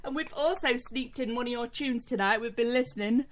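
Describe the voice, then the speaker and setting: A woman's voice: a little high, brisk, a little hiss or hum. A woman with a British accent co-hosting a radio show, chatting cheerfully and laughing often. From Britain. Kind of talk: casual radio chat.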